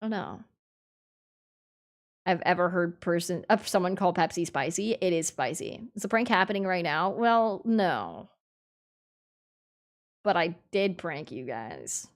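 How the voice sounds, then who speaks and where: A young woman streamer chatting casually with her audience and reading chat aloud, swinging from mumbled asides to loud indignant outbursts. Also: fairly low pitch, lively intonation, unhurried, pauses often.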